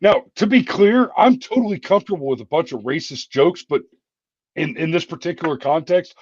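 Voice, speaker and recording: A lively male podcast host who swings his pitch widely as he jokes and curses through casual banter. His voice sits a little high for a man, and the sound is dry and slightly dull. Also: fairly quick, slightly rough, dry recording. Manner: profane, joking, animated. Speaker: show host.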